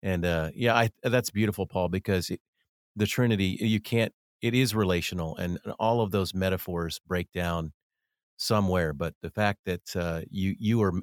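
Male interviewer, very low voice, dry recording, eager and affirming. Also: normal speed, no echo. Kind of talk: conversational interview.

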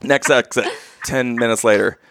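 A man co-hosting a podcast, telling a family road-trip story in casual chat, animated and rising to exasperated outbursts. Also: medium pitch, normal speed, gravelly, no room sound. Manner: animated, rising to loud exasperation when quoting himself. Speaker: podcast co-host.

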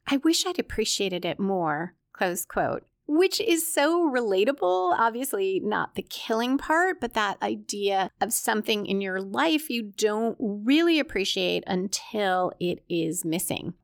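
A woman's voice: medium pitch, vocal fry, no echo. Dry-voiced woman, chatty recap host. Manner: wry, chatty asides while reading quotes aloud. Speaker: podcast host recapping an episode. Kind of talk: casual recap narration.

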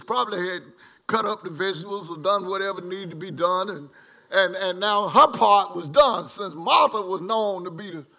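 A male pastor preaching a sermon in an emphatic way, with repetitions and lively asides. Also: sits high, vocal fry.

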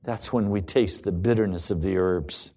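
A man preaching a sermon with dramatic delivery, swinging between ringing emphasis and a hushed near-whisper. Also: low-pitched, moderate pace.

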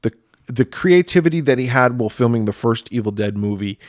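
A male podcast co-host with a mid-range voice and lively intonation speaks fairly quickly, chatting casually and rambling enthusiastically about movies he loves. The recording is dry and studio quality.

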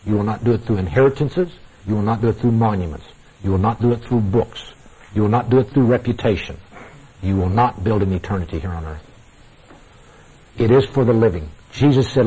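A man's voice: on the low side, warm tone, husky. A man preaching a sermon to a congregation, emphatic and repetitive, calling his listeners "guys", heard through a lo-fi radio broadcast. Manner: emphatic, repeating phrases for effect, addresses listeners as guys.

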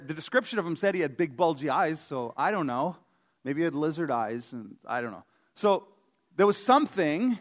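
A man preaching a sermon as pastor, in a conversational, joking way with emphatic stresses. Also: on the high side.

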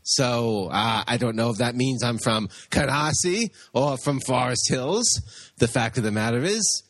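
A man's voice: medium pitch, measured pace, fairly bright tone, no echo. A man voicing a brash, hard-drinking adult comic-book bully with a put-on Brooklyn accent. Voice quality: gruff, slurring drinker.

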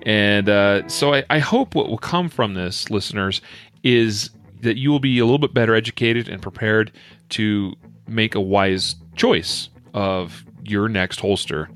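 A man's voice: lowish voice, unhurried, a bit bright, faint music behind. A man hosting a podcast in a casual, folksy way, rambling with many fillers and restarts. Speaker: podcast host.

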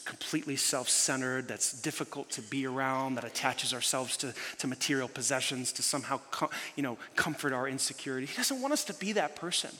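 A man preaching a sermon as pastor, telling a story with animated emphasis. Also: medium pitch. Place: large church hall. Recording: long reverb in a large hall.

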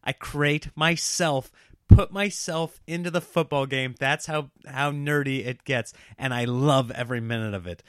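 A man in his thirties, a stand-up comedian, telling animated, self-mocking stories in a casual monologue and laughing at himself. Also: medium pitch, measured pace, dry recording, studio quality.

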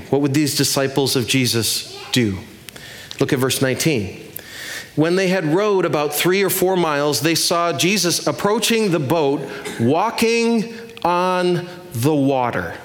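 A man preaching a sermon as pastor, telling the story with lively questions to his listeners. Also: a little high.

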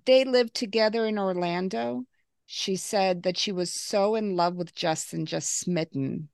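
A woman's voice: medium pitch, unhurried, vocal fry, a little mellow, smooth, no echo, studio quality. A woman hosting a podcast, casually recapping a memoir and reading quotes aloud. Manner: recaps and reads quotes, laughs easily. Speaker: podcast host. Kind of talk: casual book-club chat.

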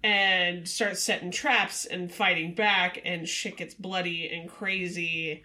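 A woman's voice: on the low side, steady tone, takes it slowly, pushed and bright. A woman co-hosting a podcast in casual chat, swearing freely and laughing often. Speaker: podcast co-host.

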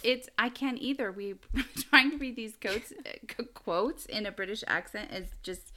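A woman's voice: a little high, moderate pace, sharp tone, slight background noise. An American woman co-hosting a casual true-crime podcast, telling the story with frequent laughs and asides. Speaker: podcast co-host.

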